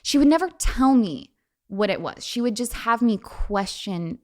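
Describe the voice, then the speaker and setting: A woman's voice: a little high, expressive. Chatty young woman telling stories. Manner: chatty, frequent fillers, quick laughs, acts out quoted voices. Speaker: podcast guest. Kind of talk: casual storytelling.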